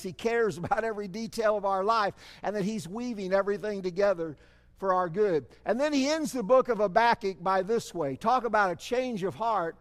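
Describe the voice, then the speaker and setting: A man preaching a sermon, asking the congregation rhetorical questions, with animated swells and sudden drops in loudness. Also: high voice. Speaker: pastor. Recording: long hall reverb.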